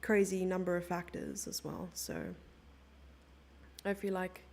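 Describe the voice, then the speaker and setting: A woman's voice: on the low side, very animated, unhurried, gravelly, darkish tone. A young woman commenting on chess live and chatting playfully with her viewers. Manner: chatty, playful, reads out and answers chat.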